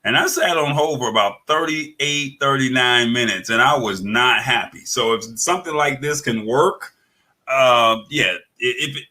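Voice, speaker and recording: A man talking tech news in a casual live podcast chat, halting, with many fillers and restarts. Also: mid-range voice, sharp tone.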